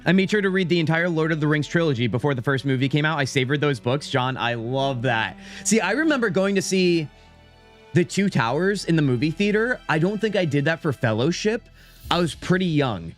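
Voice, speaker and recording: An American man streams a game, his fairly high voice lively in intonation and a little fast as he rambles casually. Chatty throughout, he reads menu options aloud while playing, with soft music in the background.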